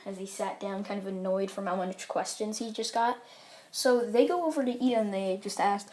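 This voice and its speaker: A woman's voice: medium pitch, level tone, moderate pace, warm tone. A woman telling a fan story in a loose, rambling way, stringing it together with "like" and "um". Her delivery is casual and unscripted. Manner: rambling, full of "like" and "um" fillers. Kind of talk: casual fan-fiction retelling.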